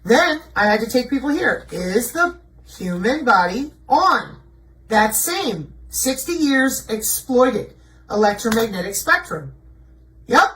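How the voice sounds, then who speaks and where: A woman's voice: a little high, sing-song, takes it slowly, a bit bright, distant mic, slight background noise, low-quality recording. A woman presenting slides in a blunt, mocking way, asking herself rhetorical questions and answering them. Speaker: video presenter. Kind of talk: conspiracy commentary over slides.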